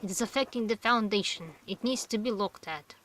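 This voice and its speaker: A woman's voice: medium pitch, a little fast, a bit bright, slight background noise, close to an everyday voice. Woman reading as an insistent village man. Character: stern village man pressing a priest.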